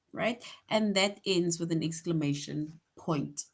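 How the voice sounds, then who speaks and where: Patient woman teaching grammar to kids. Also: lowish voice. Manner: explains patiently, tag question "right?" after most points; reads example sentences slowly with emphasis. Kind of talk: online grade-school grammar lesson.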